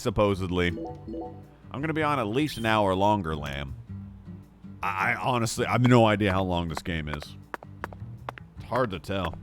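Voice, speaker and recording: Sleepy, rambling male game streamer. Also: lowish voice. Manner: rambling, talks to chat, many fillers. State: sleepy, yawning. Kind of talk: casual live gameplay chat.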